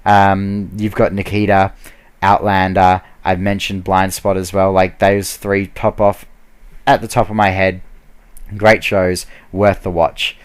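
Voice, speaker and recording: A man's voice: low-pitched, little pitch movement, unhurried, smooth. A man giving a heated, casual ranting review, full of fillers and restarts. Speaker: video blogger.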